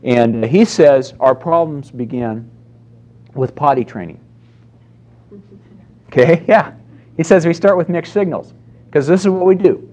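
A man's voice: a little high, measured pace, long pauses, mellow, highs cut off. Conversational male preacher. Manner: storytelling with acted-out quotes, conversational. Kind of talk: sermon.

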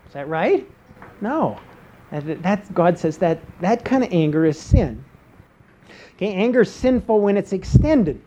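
Woman preacher, dark mellow tone, rhetorical questions, dull lo-fi recording. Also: on the low side, animated, normal speed. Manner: asks rhetorical questions, checks in with "okay?". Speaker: Bible teacher. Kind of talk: sermon.

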